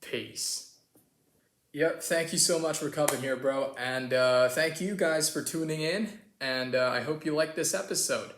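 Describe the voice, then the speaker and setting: A man's voice: a little high, moderate pace, a bit bright, reverberant, a little hiss or hum. A man with an American accent hosting a casual lesson on pronunciation, chatty and upbeat. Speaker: host.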